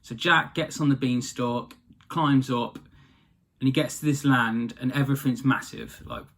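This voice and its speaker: A man's voice: mid-range voice, steady tone, unhurried, fairly bright tone. Chatty man telling a story. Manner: rambling, chatty, self-correcting. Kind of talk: casual storytelling.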